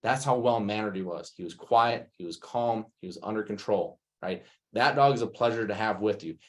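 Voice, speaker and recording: A man, a retriever dog trainer answering questions in an animated way, acting out scenes as he goes. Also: lowish voice. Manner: animated, acts out scenes in quick bursts. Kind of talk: masterclass Q&A answer.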